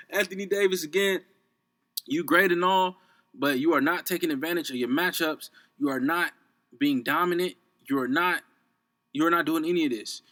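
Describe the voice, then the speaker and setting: Young male podcast host from Chicago, slightly high voice, heated and cursing, unscripted rant. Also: normal speed, pushed and bright. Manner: profane, heated, repeats himself.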